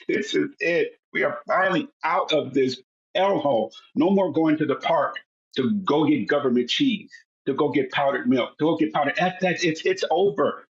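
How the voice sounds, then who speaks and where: A man's voice: a little high, normal speed, vocal fry, muffled recording. A man in his sixties, a podcast guest, telling his family story and acting out the voices of his relatives. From United States. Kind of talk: personal storytelling.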